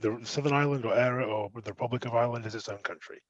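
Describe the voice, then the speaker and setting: Man, fast talker, husky, muffled dry call audio. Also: medium pitch, dry recording. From England. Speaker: audience member.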